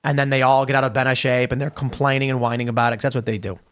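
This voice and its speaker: A man's voice: medium pitch, level tone, very fast, fairly bright tone, clear, resonant tone. A man hosting a talk show, reading viewer messages aloud and rambling through a long story. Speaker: podcast host. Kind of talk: casual talk-show banter.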